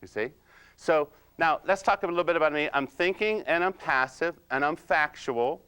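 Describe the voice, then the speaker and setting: A man playing a quiet, precise, nerdy analyzer-type husband in comedic role-play, slow and hesitant with many ums and "you see?". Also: on the high side, clear, resonant tone, natural voice. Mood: deadpan nerdy. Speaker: personality-styles trainer.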